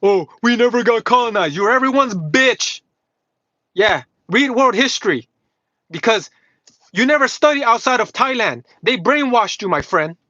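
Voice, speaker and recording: A man's voice: extremely high pitch, lively intonation, moderate pace, pushed and bright, no room sound. A man livestreaming a heated, combative rant to his chat, swearing constantly, mocking and repeating himself. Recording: dull lo-fi livestream audio.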